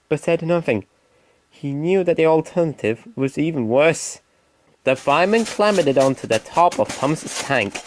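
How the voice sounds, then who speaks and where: Expressive man reading a storybook. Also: mid-range voice, slight background noise. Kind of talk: reading a children's storybook aloud.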